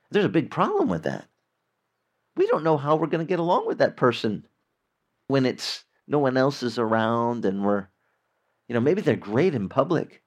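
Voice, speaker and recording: Male pastor, animated sermon delivery, chatty asides, very expressive pitch. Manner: lively, conversational preaching with acted-out quotes.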